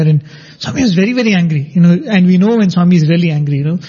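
A man with a high, mellow voice tells anecdotes in an unhurried, conversational manner. His voice is slightly husky, and the audio is dull and lo-fi. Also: animated. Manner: anecdotal, measured, laughs while telling. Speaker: storyteller in a devotional talk. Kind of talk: conversational storytelling.

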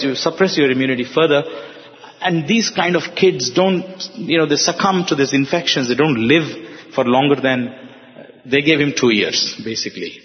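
An older man with an Indian English accent telling a personal story to an audience, halting, with fillers and restarts. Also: mid-range voice. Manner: halting, with frequent fillers and restarts, voicing others in quotes. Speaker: speaker giving a personal testimony. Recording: dull, echoey hall sound.

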